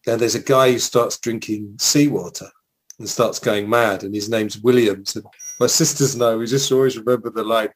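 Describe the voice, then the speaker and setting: Husky and low-pitched, this Englishman's voice holds a fairly even intonation at normal speed. Co-hosting a podcast, he chats casually and rambles through nostalgic stories with many fillers. The recording is rough.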